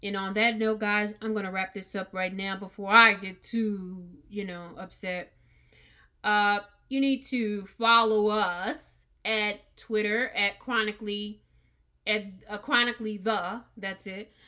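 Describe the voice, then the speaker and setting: A woman's voice: mid-range voice, fairly even intonation, a little slow, bright, forceful tone. A woman hosting a podcast, giving an earnest opinion monologue with emphatic, repeated words. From United States. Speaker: podcast host.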